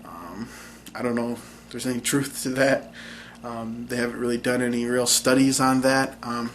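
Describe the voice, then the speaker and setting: A man's voice: mid-range voice, fairly even intonation, moderate pace, a little hiss or hum. A young man casually explaining a language topic, hesitant and full of ums. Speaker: language channel host.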